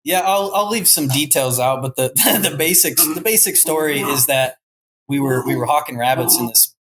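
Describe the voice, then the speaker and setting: A man's voice: fairly high pitch, moderate pace, noisy background. A young man, a falconer and podcast guest, telling stories in a loose, laid-back way, full of "like" and "dude". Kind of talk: casual chat.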